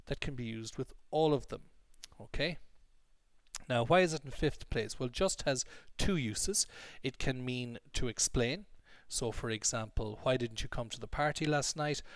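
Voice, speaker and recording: A man's voice: mid-range voice, animated, unhurried, no room sound. Emphatic English teacher, man, dry close sound. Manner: clear, emphatic teaching with repeated examples. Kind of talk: explanatory online lesson.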